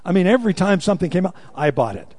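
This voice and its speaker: A man's voice: high-pitched, lively intonation, racing, a little mellow. Man preaching in a reverberant hall. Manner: storytelling, asks the congregation questions and leads them in call-and-response. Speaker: pastor. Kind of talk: sermon.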